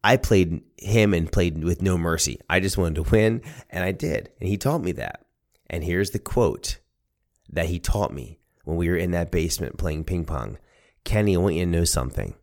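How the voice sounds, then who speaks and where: In a low voice and at a moderate pace, a man on a personal storytelling podcast earnestly recounts a family memory. He's animated, acting out the voices of his relatives.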